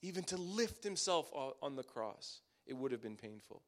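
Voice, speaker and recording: A man preaching a sermon to his church, building phrases up and letting them fall away to a hush. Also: medium pitch, sing-song, moderate pace. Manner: dramatic, swelling then dropping to hushed phrase endings.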